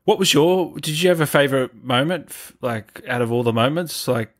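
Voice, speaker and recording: A man's voice: medium pitch, fairly quick. Chatty male gaming show host. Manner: chatty, enthusiastic, laughs often. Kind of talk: casual interview chat.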